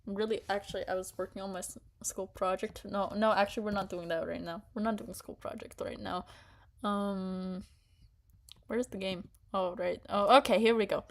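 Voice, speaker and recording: A woman's voice: medium pitch, steady tone, normal speed, creaky. Young woman chatting and reading, stumbling. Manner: stumbling, restarting, giggly. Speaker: streamer reading a story aloud. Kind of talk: casual chat and reading aloud.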